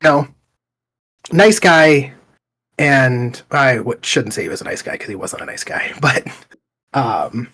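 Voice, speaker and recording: A man's voice: mid-range voice, measured pace, pauses often, breathy edge. A middle-aged man co-hosting a podcast, chatting casually and telling stories with plenty of swearing. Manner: relaxed storytelling, swears often. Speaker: podcast co-host. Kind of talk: casual chat.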